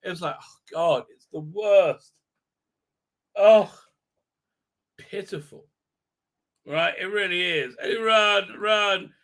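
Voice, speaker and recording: A man's voice: high-pitched, slow pace, long pauses, fairly bright tone. A man hosting a livestream, giving rambling, exasperated, crude fan commentary full of fillers. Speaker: livestream host.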